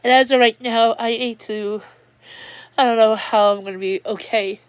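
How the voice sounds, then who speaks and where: Her voice is fairly high, clear and resonant, holding a steady tone at normal speed. A woman streaming live from home, she rambles, sounds upset, and frequently begins her sentences again. The dry recording captures an emotional personal monologue.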